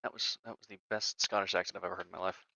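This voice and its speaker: A man co-hosting live event commentary who throws in quick, dry quips. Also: deep voice, level tone, bright, forceful tone, no room sound. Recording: dull, dry lo-fi mic.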